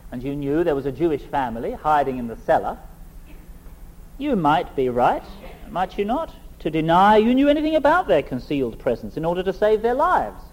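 Emphatic preacher, lively delivery. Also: male voice, on the high side, rough recording. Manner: measured, emphatic, rhetorical. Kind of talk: sermon with scripture reading.

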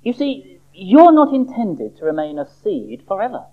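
A preacher voicing a kindly, fatherly male doctor who speaks gravely and reassuringly. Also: medium pitch, huge pitch swings, moderate pace, voice pushed up. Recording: dull lo-fi recording.

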